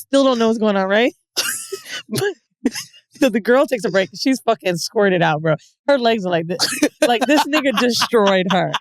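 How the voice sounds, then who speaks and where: Brief: thirties woman podcast co-host, lively swinging pitch, dry close sound, brash storyteller. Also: no echo. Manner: animated, acts out quotes, swears freely. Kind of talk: casual storytelling chat.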